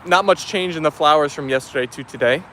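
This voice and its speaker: Talking fast in a pushed, bright, slightly high voice, a man reads his viewers' comments during an outdoor dog livestream. The casual, friendly chat-reading comes with a faint hiss or hum in the recording.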